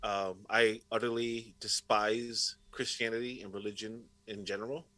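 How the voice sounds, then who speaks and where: A man with a lowish voice speaks at a moderate pace; the audio is poor but has no echo. He's a podcast guest of Puerto Rican heritage, raised in the Rhode Island area, who swears nonstop while telling animated stories in casual conversation.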